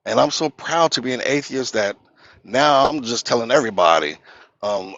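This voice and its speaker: A man's voice: mid-range voice, brisk, fairly bright tone, no echo. A man calling in to a live stream who talks in a brash, joking way. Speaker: guest caller. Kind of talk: casual live-stream chat. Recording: dull, dry lo-fi audio.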